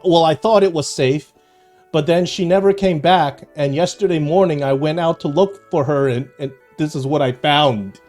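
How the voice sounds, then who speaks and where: A man voicing a grief-stricken old farmer who pleads and wails in a high, strained voice. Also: moderate pace, darkish tone, faint music behind, close to an everyday voice. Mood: grieving. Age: older.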